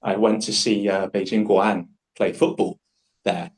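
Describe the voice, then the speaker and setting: A man's voice: on the low side, measured pace, rough recording. A young man from Scotland leading a live public speaking workshop, talking animatedly and acting out voices in his stories. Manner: animated, acts out voices in anecdotes.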